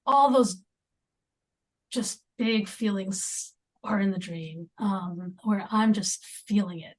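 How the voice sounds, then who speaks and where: Halting woman guest, sometimes near a whisper. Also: mid-range voice. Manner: halting, with many fillers and restarts; drops into near-whispers at times. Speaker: podcast guest. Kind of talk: conversational interview.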